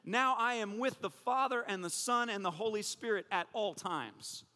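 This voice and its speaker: A pastor preaching a sermon in an animated, conversational way with playful asides. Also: male voice, high-pitched, normal speed, in a large hall.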